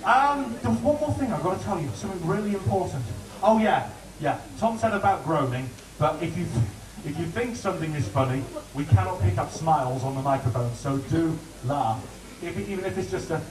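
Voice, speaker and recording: A man doing joking warm-up patter for a TV studio audience. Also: a little high, a little fast, recorded from a distance, a crowd in the background. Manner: chatty, joking, lively. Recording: roomy studio heard from afar with audience.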